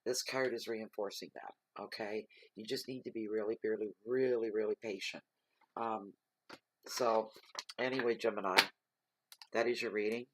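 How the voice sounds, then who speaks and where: A man giving a slow, reflective spoken tarot reading, reading card keywords aloud. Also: fairly low pitch, steady tone, slight background noise. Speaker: tarot reader.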